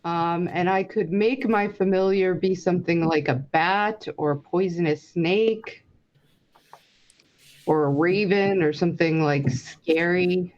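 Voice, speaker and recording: A woman playing a tabletop game, slowly thinking aloud about her spells. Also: fairly low pitch, a little mellow. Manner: slow and thinking aloud, reading from her sheet. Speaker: player. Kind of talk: casual tabletop game chat. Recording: dull lo-fi sound with faint noise.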